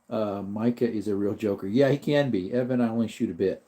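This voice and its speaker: A man's voice: on the low side, lively intonation, normal speed, few pauses, warm tone. A man hosting a casual livestream, reading out viewers' chat and talking to his dog in between. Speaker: livestream host.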